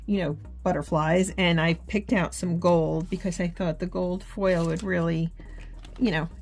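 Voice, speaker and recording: A woman hosting a faith journaling channel, talking casually and earnestly to viewers while she writes, with soft laughs and fillers. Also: fairly low pitch, fairly even intonation, a little slow.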